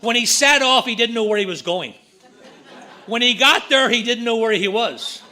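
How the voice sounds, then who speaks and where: A middle-aged man with a Northern Irish accent telling his recovery story at a meeting, with quick jokes and punchlines. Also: extremely high pitch, bright, forceful tone. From Northern Ireland. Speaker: AA speaker.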